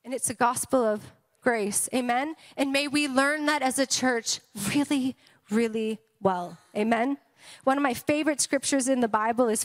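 A high-pitched woman preaches to her congregation with animated energy. She keeps checking in with quick calls of "amen?" and "okay?". Her voice rings with the long reverb of a church sanctuary. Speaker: pastor. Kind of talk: sermon.

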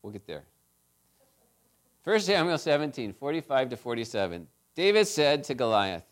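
A man preaching a children's sermon, retelling a story in a chatty, animated way and asking his listeners questions. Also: mid-range voice, moderate pace.

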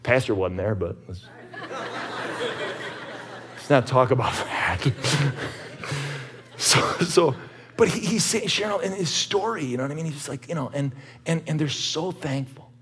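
A middle-aged man preaching a sermon as pastor, husky-voiced, telling stories and rising to emphatic peaks. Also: fairly high pitch, very animated, a little slow, pauses often, fairly bright tone. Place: church sanctuary.

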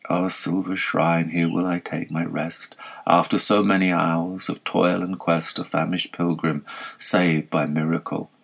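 A man's voice: low-pitched, little pitch movement, measured pace, vocal fry, fairly bright tone, full character voice. A man reading the lines of a young male lover who tenderly urges his beloved to wake and flee with him. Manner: urgent, tender verse. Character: ardent young male lover urging flight.

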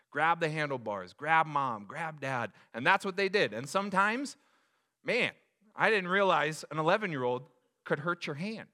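A pastor in his thirties preaches with the energy of a storyteller, slipping into other people's voices as he goes. His voice is bright and forceful. It sits a little higher than most men's. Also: normal speed. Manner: animated storyteller, acts out voices. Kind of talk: sermon with personal stories.

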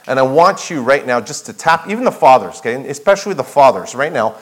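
A man's voice: mid-range voice, low-quality recording. A man preaching a sermon as pastor, emphatic, asking rhetorical questions and repeating key phrases for weight. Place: church sanctuary.

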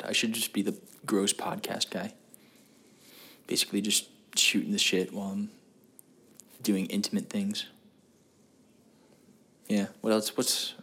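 A man's voice: fairly low pitch, fairly even intonation, moderate pace, fairly bright tone, slightly rough. A young man hosting a solo podcast, rambling and swearing as he questions himself in frustration while sitting on a toilet. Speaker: podcast host.

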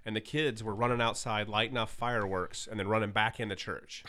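A man guest in a casual interview, telling lively anecdotes with a self-deprecating touch. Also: fairly low pitch, fairly quick.

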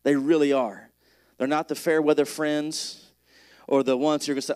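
Joking, animated male preacher. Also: on the high side, fairly quick. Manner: conversational, joking preaching, reads scripture aloud with rising energy. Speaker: pastor. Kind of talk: sermon.

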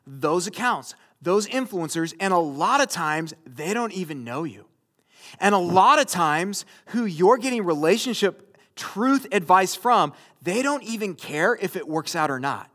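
High-voiced man preaching conversationally. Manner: conversational preaching, rising to loud emphatic bursts. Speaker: pastor. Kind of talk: sermon.

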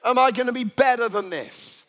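A man's voice: extremely high pitch, moderate pace. A man preaching a humorous sermon, acting out everyday characters as he tells stories to a congregation. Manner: animated storytelling, acts out everyday characters.

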